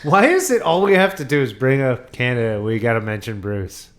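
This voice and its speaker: A man's voice: mid-range voice, lively intonation, a little fast. A man co-hosting a casual wine tasting, joking and teasing his friends. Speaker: wine reviewer co-host.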